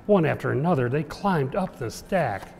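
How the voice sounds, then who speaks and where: A man reading a rhyming children's book aloud with a lively, rhythmic delivery. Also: fairly high pitch, moderate pace, gravelly. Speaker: storyteller. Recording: echoey room with long reverb.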